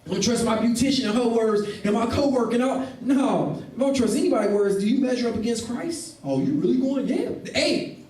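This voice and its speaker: A man preaching a sermon as pastor, animated and acting out the people in his stories. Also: very high-pitched, brisk. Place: church. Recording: echoey room, mic at a distance.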